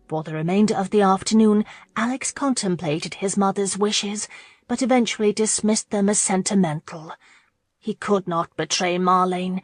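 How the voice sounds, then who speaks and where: A woman narrating a historical romance audiobook in a measured, even storytelling manner. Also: medium pitch, dry recording, soft background music.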